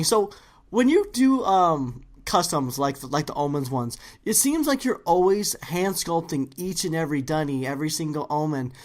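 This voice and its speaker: Low-voiced woman, enthusiastic podcast host. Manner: enthusiastic and rambling, with many fillers. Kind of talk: casual interview chat.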